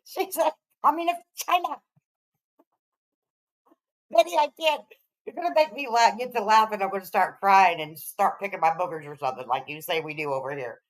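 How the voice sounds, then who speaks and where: A woman's voice: mid-range voice, lively intonation, normal speed, long pauses, low-quality recording. A woman hosting a reaction commentary, teasing and sarcastic, often breaking into laughter. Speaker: commentary channel host.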